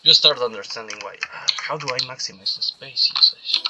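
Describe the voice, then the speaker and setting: Speaking briskly at medium pitch over heavy background noise, a man streams himself playing a video game. His monologue meanders and is full of opinions and restarted sentences.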